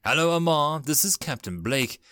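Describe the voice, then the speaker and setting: A composed woman doctor on a starship, gently reassuring her patient, as a male narrator voices her. The voice is raised and lively, dry and near. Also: a little high, moderate pace, no room sound, pitched above the performer's own voice. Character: calm, caring female ship's doctor.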